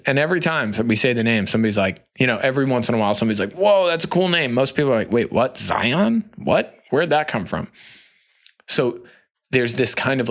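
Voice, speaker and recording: With a mid-range, fairly bright voice, this podcast host from the United States, a man in his thirties, runs a candid solo show. His delivery is loose and conversational, full of "like" and "you know."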